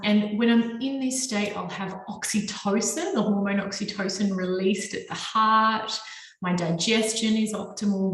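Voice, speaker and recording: Lively woman lecturing in an echoey room. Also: mid-range voice. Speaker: trauma and nervous system educator. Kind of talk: explanatory lecture with slides.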